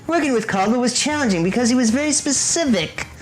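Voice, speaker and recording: A man's voice: very high-pitched, expressive, fast, rough recording. A man co-hosting a cigar review show, chatting casually in a laid-back, joking, rambling way. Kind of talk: casual chat.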